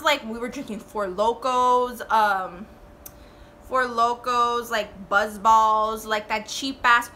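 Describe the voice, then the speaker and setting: A woman in her twenties telling a storytime vlog in a casual, animated way, swearing and saying "like" a lot. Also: on the high side, a little hiss or hum. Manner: animated, swearing, full of "like" fillers.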